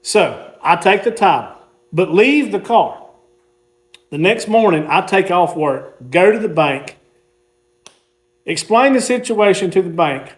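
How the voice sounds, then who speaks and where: A man, casually telling a rambling story while showing his car collection. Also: on the high side. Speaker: car hobbyist host.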